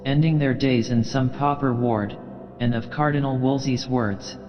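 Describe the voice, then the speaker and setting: A man reads a classic novel aloud at an even, unhurried pace, his mid-range voice trailing into a long hall-like reverb. The sound is a little dull and muffled, with faint music running underneath. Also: mid-range voice. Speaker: audiobook narrator. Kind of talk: literary audiobook narration.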